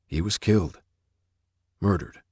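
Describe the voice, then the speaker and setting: A man's voice: sits low, a little slow, darkish tone, husky, no room sound, studio quality, pitched above the performer's own voice. A man voicing an anxious, protective father who pleads and defends himself. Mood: defensive.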